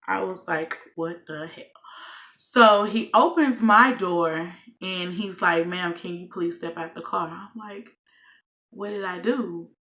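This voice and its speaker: A woman's voice: on the low side, slow pace. A young woman, casually telling a personal story in a vlog and acting out what people said. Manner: animated storytelling, acts out her own and others' lines. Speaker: vlogger.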